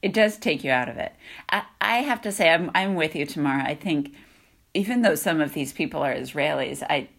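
Woman co-host, deep and creaky, brisk and agreeable in chat. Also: lively intonation, fairly bright tone. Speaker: podcast co-host. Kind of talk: casual chat.

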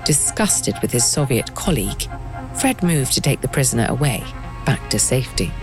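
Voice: mid-range voice, very animated, moderate pace, over music. A documentary narrator reading a scripted story with dramatic pacing and rhetorical questions.

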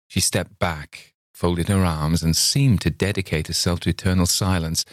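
A man narrating a classic short story in a measured, steady reading voice. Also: sits low, no echo, studio quality. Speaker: reader. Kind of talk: audiobook narration.

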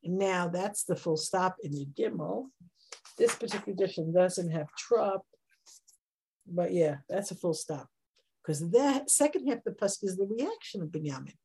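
A woman teaching a text study lesson, explaining verses in an animated, emphatic way and rising sharply on rhetorical questions. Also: medium pitch, a little slow, slightly rough, rough recording. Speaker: Torah teacher.

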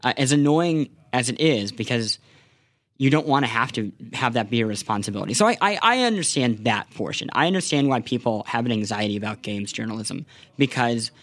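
A man's voice: medium pitch, animated, fairly quick, fairly bright tone, no room sound. A man talks earnestly in casual podcast chat, his voice sitting in the middle range. He speaks in long, winding runs that often restart and repeat words. The studio mic is dry and close, with no room sound. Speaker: games journalist and podcast guest.

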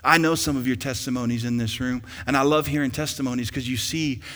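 A young man preaching a sermon as pastor in a church, emphatic and rising to loud peaks, with an easy storytelling manner. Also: medium pitch, steady tone, fast. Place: church sanctuary. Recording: long hall reverb.

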